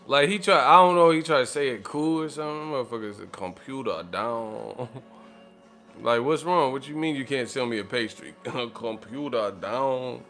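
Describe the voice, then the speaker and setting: Male channel host, casual storyteller, animated and profane, laughs often. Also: a little high, moderate pace, faint music behind.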